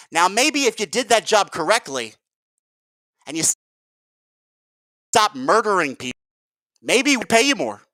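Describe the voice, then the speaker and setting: A man's voice: fairly high pitch, bright, forceful tone, no echo. A man ranting in a heated, profane vlog commentary and calling his viewers "guys". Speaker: video commentator.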